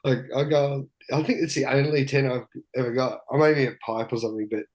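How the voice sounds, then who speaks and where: A man's voice: mid-range voice, fairly even intonation, brisk, darkish tone, low-quality recording. A middle-aged man, a podcast guest telling candid stories loosely, swearing freely and often laughing as he talks. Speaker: podcast guest, big wave surfer. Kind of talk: candid storytelling in casual conversation.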